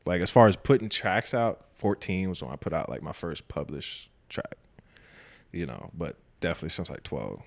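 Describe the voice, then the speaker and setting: Speaking at a medium clip with a low, gravelly fry, the young man is highly animated. He's an Atlanta, Georgia rapper and producer in a relaxed interview, constantly dropping "like" and "you know" and often breaking into laughter.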